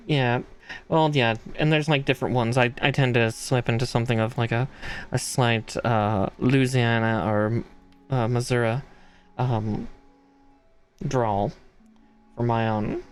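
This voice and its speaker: A man talking casually on a live stream as he builds a model kit, at an average pitch with soft music under him. He chats freely, laughs often and calls out part numbers as he works. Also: unhurried, pauses often, clean tone.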